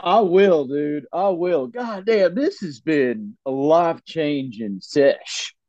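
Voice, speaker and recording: A man's voice: on the high side, lively intonation, takes it slowly, darkish tone, no room sound, lo-fi sound. A man playing an emotional, gushing Southern nice-guy patient in an improvised comedy podcast. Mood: amazed.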